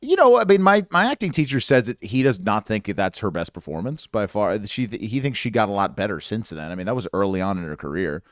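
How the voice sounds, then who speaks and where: A man's voice: on the low side, sing-song, brisk, few pauses, no room sound, studio quality. A man co-hosting a podcast, in loose, agreeable, crude banter. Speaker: podcast co-host.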